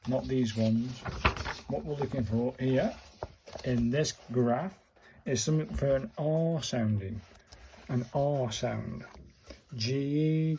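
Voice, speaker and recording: Slow chatty man. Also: medium pitch, dark tone, breathy edge. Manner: chatty, self-questioning, talks to viewers. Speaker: vlogger learning calligraphy. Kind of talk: casual thinking-aloud tutorial.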